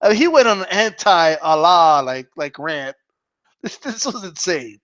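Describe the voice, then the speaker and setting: A man with a high voice hosts a casual live Q&A stream. He rambles loosely and swears freely, and the sound is dull and lo-fi. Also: lively intonation, measured pace, fairly bright tone. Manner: rambling and profane.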